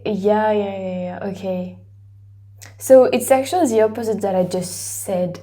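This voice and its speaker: A native French speaker from France with a French accent chats casually in English as a YouTube reaction-video host, rambling with many fillers and restarts. Her voice is medium-pitched, steady, unhurried and mellow.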